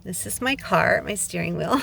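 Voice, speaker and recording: A woman's voice: fairly low pitch, animated, a little slow, creaky, fairly bright tone. A woman vlogging from inside her parked car on a handheld phone, talking in a chatty, rambling monologue that drifts into rants and digressions, with frequent laughs. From United States. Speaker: vlogger and author.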